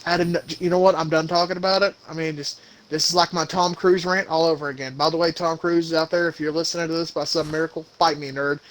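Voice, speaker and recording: A young man co-hosting a podcast, ranting and swearing in an animated casual chat. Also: fairly high pitch, fast talker, poor audio. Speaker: podcast co-host.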